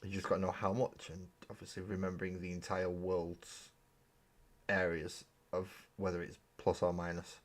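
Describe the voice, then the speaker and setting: A man's voice: low-pitched, flat delivery, normal speed. A man hosting a live stream, chatting casually and rambling with self-mocking humor while painting miniatures.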